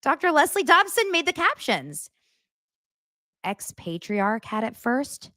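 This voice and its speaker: A woman's voice: high voice, very animated, slow pace, pushed and bright, no room sound, clean studio sound. A woman hosting a celebrity gossip show, chatting casually to her viewers, emphatic and incredulous, often repeating herself. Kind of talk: casual chat to camera.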